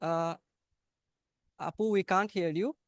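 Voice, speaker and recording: A man's voice: high-pitched, takes it slowly, dry recording. A young man from Bangladesh with a Bangladeshi accent, hosting an online English practice class in a chatty, encouraging way over a video call. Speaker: English conversation practice host. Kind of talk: casual online class talk. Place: home, online webinar.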